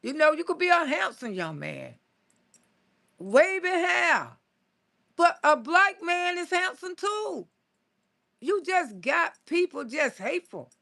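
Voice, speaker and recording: A woman in her late sixties talks to her live-stream viewers in a high, gravelly voice with a bright, sharp edge. She is blunt and salty, tells stories at a quick clip, laughs often and scolds with relish. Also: big pitch swings. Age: 60s. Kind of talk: casual live-stream chat reading viewer comments.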